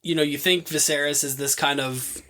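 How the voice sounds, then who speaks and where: A man co-hosting a podcast, casually recapping a TV show, laughing often and acting out characters' lines in quick offhand voices. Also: fairly high pitch, fairly even intonation, bright, forceful tone. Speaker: podcast co-host.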